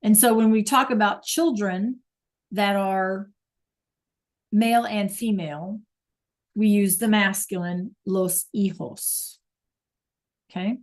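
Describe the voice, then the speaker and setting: A woman's voice: mid-range voice, a little slow, pauses often. Woman teaching Spanish on a video call. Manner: patient, checks in with students often. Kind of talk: online class lesson.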